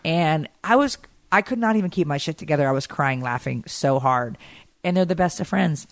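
A middle-aged woman co-hosting a podcast, telling stories in animated, chatty conversation. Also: sits low, moderate pace, no echo. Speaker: podcast co-host. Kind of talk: casual chat.

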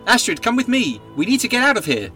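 Brief: a man playing an upbeat, scatty woman friend in a comic sketch, pitched well up. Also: wildly swooping pitch, fast, sharp tone, soft background music, heavily acted. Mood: chirpy. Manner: upbeat, chatty, a bit scatty. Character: brisk, chirpy female rescuer friend.

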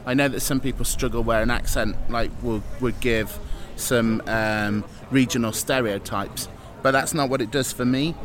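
A man's voice: mid-range voice, steady tone, normal speed, crowd noise. Guest, East Midlands English man, earnest, recorded outside near traffic. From Mansfield, England. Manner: open, earnest, explains with fillers. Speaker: improviser and presenter. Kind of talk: casual interview talk.

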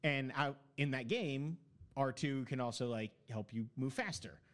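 A man's voice: mid-range voice, measured pace. Rambling man telling game stories. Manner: rambling, animated storytelling with many fillers. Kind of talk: casual chat about a video game.

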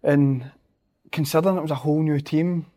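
A man's voice: fairly high pitch, steady tone, a little fast, mellow. A Scottish man, a footballer guest, telling stories in casual chat, swearing freely and laughing as he goes.

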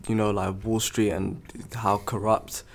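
A man's voice: lowish voice, level tone, a little slow, vocal fry. A man co-hosting a book podcast, rambling in casual chat with many fillers. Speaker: podcast co-host.

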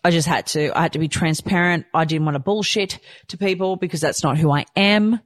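A woman in her thirties telling her own story candidly, swinging between quiet, low moments and excited outbursts, with some swearing. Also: brisk, dry recording, clean studio sound. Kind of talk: personal storytelling to camera.

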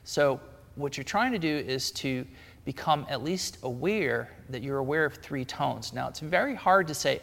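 A man's voice: mid-range voice, lively intonation, moderate pace, vocal fry, fairly bright tone. A man giving a casual, meandering talk on spiritual ideas, thinking aloud as he explains. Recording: long reverb, echoey room.

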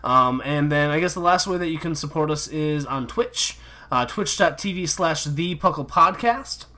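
A man's voice: a little high, animated, normal speed, sharp tone. A man hosting a casual podcast outro, rambling with lots of fillers. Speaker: podcast host.

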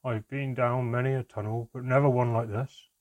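A man's voice: medium pitch, little pitch movement, normal speed, no room sound, close to an everyday voice. A man voicing an irritable male dwarf in a storybook, moaning and snapping. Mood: grumbling.

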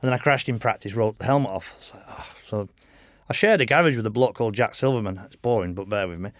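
Middle-aged racer telling rambling stories, dry sound. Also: male voice, fairly low pitch, fast, no room sound. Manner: rambling anecdotes, lots of "you know", frank and swearing. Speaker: motorcycle racer guest. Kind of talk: casual podcast interview.

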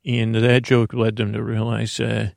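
A man's voice: fairly low pitch, completely flat delivery, unhurried, creaky, dry recording, studio quality. A man hosting and telling a bedtime story, rambling along with many uhs and restarts. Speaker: storyteller host.

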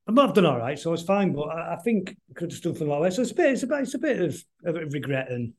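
A middle-aged man talks quickly and loosely as a guest on an interview podcast. His voice sits a little high for a man. He rambles, trips over his words and keeps restarting his sentences. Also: big pitch swings, a little mellow. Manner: rambling, halting, many restarts. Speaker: guest musician. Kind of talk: casual interview chat.

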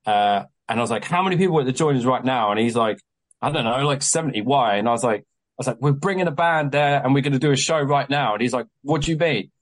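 A man in his twenties or thirties tells a chaotic story on a podcast, with a voice of ordinary pitch. He jumps into quoted exchanges with plenty of swearing and a lively, animated delivery. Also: fast, poor audio. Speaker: guest, venue promoter.

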